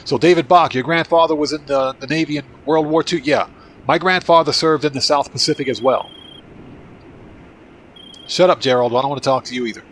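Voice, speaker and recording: A man's voice: a little high, brisk, a little hiss or hum. Chatty Northeastern American man streaming. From Baltimore, Maryland, USA. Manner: chatty, answers viewers' chat with frequent restarts. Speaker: livestream gaming host. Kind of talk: casual livestream chat.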